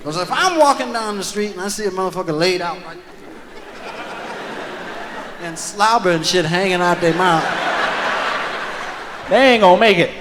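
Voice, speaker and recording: A male stand-up comedian telling profane, animated stories on stage and acting out voices. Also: high voice, normal speed, pauses often, long reverb tail. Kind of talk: live stand-up storytelling. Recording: live concert album with crowd and hiss.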